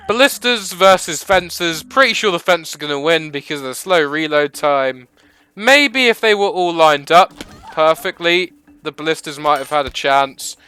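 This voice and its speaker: Excitable male gaming YouTuber, bright slightly high voice, rambling self-mocking commentary. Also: smooth, low-quality recording. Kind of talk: gameplay commentary.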